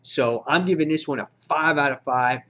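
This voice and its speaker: A man giving a casual, slangy spoken review of a comic book, excitable and quick to act out his own reactions. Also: fairly high pitch. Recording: dull lo-fi recording.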